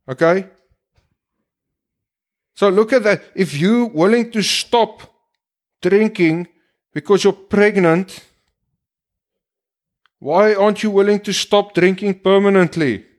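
Blunt, profane man ranting. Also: high-pitched. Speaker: podcast host. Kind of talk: impassioned monologue.

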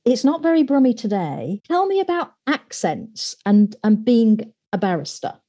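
A woman with a Yorkshire accent who hosts a podcast and puts animated questions to her guest, often repeating words as she starts. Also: fairly high pitch, normal speed. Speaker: podcast host. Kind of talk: podcast interview.

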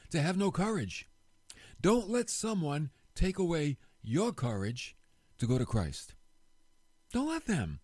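Man, casual sermon, animated storytelling, rhetorical questions, lively voice. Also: a little high, no echo. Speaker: preacher.

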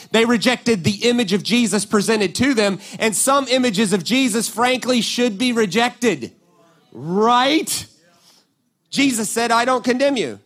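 A man preaching a sermon, telling a Bible story with lively acted-out quotes and frequent "right?" asides to the congregation. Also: high-pitched. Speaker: pastor.

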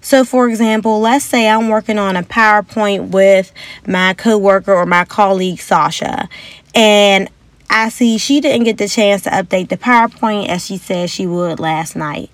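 A young woman hosting a motivational podcast in a casual, chatty and upbeat way, now and then acting out quotes in a higher voice. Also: moderate pace, no room sound. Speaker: podcast host.

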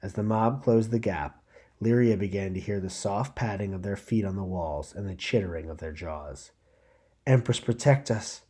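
A man reads a gritty story aloud in a low, mellow voice. His narration is steady and measured, like a podcast host sharing fiction with listeners. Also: slightly rough.

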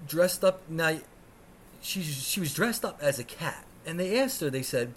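A man in his thirties from the United States hosts his podcast solo, delivering a profane, sarcastic rant that swings between mutters and outbursts. His voice is a little high with lively intonation and a measured pace, over slight background noise.

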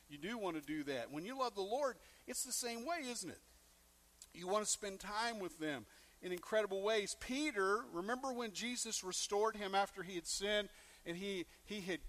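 A man preaching a sermon, telling a personal story and acting out the quoted lines with big swings in loudness. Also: high-pitched. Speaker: pastor.

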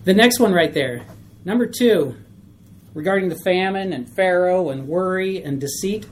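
A woman teaching a small Bible study group in a chatty, animated way, asking questions of the class. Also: lowish voice, normal speed, a little hiss or hum, poor audio.

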